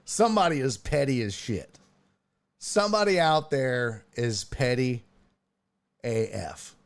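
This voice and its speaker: Man, sports-talk stream host, very animated pitch, swears freely, riffs on chat. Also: slow pace, vocal fry. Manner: animated, profane, reads chat aloud and jokes.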